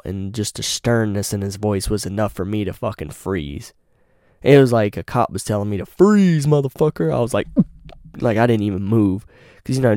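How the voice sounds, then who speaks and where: A man's voice: lowish voice, no room sound, clean studio sound. Profane young man telling a story. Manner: profane, slangy, animated storyteller. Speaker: podcast host. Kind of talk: casual storytelling monologue. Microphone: studio mic with pop filter.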